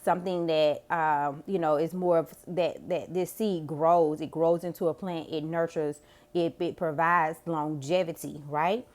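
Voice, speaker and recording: Slangy, low-voiced woman tarot reader. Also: steady tone, unhurried, darkish tone. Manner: slangy, profane, chatty. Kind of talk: casual tarot reading to camera.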